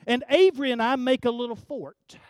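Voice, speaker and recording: An older man preaching a sermon, telling a family story in a folksy way, often repeating words and swinging from hushed to loud. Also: extremely high pitch, fairly quick, no echo, clean studio sound. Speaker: pastor.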